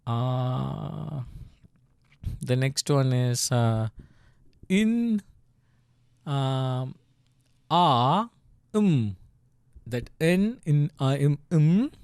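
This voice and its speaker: Slow, halting man tutoring with fillers. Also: mid-range voice, expressive, gravelly, a little mellow, clear, resonant tone, dry recording, studio quality. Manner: halting, many fillers and restarts, chuckles often. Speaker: language tutor. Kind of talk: casual screen tutorial.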